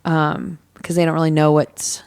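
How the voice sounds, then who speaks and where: Woman, podcast co-host, casual film recap, low pitch, clear tone, dry close sound. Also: flat delivery, moderate pace, darkish tone, no room sound. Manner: rambling recap with many ums and quoted lines. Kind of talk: casual movie recap chat.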